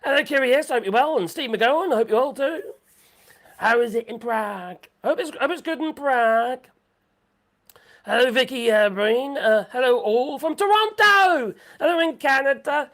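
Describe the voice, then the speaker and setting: A woman hosting a live stream in rambling chat, excitable, swearing freely and laughing a lot. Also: sits high, normal speed.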